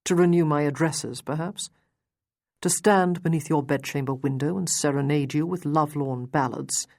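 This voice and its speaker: A proud Regency lord with a dry, mocking edge, put on by a woman reading the story. The voice sits low and unhurried. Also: creaky, a little mellow. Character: proud, teasing male aristocrat in Regency England.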